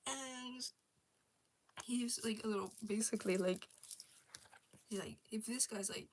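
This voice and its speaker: A young woman rambles through her character lore with a fairly high voice. She keeps pausing for fillers, restarting sentences and giggling. The tone is loose and chatty. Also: noisy background. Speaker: storyteller. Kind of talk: casual rambling about her original characters.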